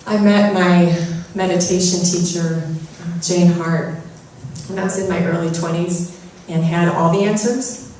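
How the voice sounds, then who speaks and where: A woman's voice: lowish voice, steady tone, measured pace, darkish tone, slight background noise. A woman giving an inspirational talk to an audience, telling personal stories with self-deprecating humor. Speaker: spiritual talk speaker. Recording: very echoey room, far from mic.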